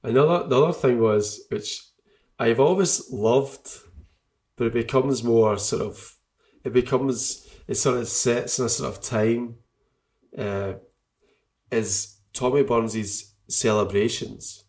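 A man talks football in a loose, emotional way, circling back and restarting his sentences. His voice sits in a middle pitch. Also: slow, darkish tone. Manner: emotional, rambling, trailing off and restarting. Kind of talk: casual chat about football.

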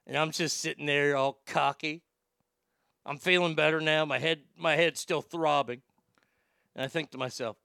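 A man around forty, a podcast host, telling blunt, profane stories in a casual and animated way. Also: a little high, normal speed, vocal fry, dry recording, clean studio sound. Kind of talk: casual storytelling chat.

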